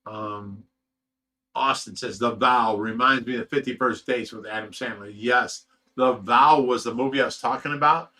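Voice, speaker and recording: The host of a fish rescue channel, a middle-aged man from Ohio, reads chat on a relaxed livestream and rambles through emotional personal anecdotes with lots of fillers. He speaks at medium pitch and a moderate pace, with fairly even intonation and a sharp tone.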